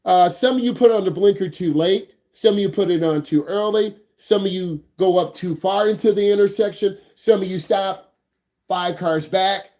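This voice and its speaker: A driving instructor with a high, warm voice teaches an online class at a normal speed. He's hyped and slangy, repeating his questions and joking with his students.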